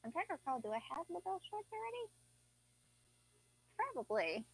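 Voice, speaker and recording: A woman's voice: very high-pitched, sing-song, fairly quick, no room sound, rough recording. Sleepy, chatty young woman, close dry mic. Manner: chatty, drowsy, yawning between remarks. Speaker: gaming vlogger. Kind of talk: casual gameplay commentary.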